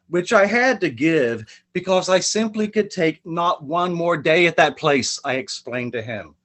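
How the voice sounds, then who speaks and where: A spoken word poet performs a story piece with dramatic emphasis. His voice sits higher than most men's, and he comes through over a video call. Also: lively intonation, a little slow, a bit bright.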